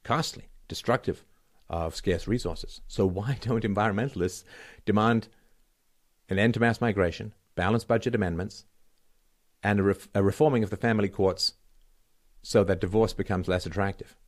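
A man's voice: lowish voice, normal speed. Sarcastic man ranting on his show. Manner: sarcastic, emphatic, swings from loud to quiet. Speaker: show host. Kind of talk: solo political commentary rant.

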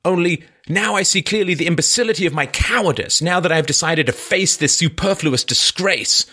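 A man's voice: high-pitched, fairly quick, bright, forceful tone, voice pushed up. A man voicing an anguished, defiant young male ex-student killer in an impassioned, agitated, self-justifying way.

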